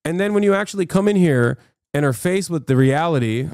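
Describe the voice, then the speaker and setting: A man's voice: fairly high pitch, expressive, fairly quick, darkish tone, dry recording, clean studio sound. An American man live-streaming, reacting to posts and chat in a profane, combative, mocking rant. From United States.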